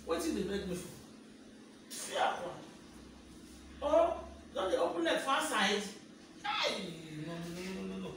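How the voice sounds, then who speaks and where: A woman's voice: medium pitch, big pitch swings, unhurried, pauses often, a bit bright. A Nigerian mother scolding her daughter in Pidgin-accented English, repeating herself insistently. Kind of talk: angry family scolding. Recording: echoey room, distant mic, faint noise.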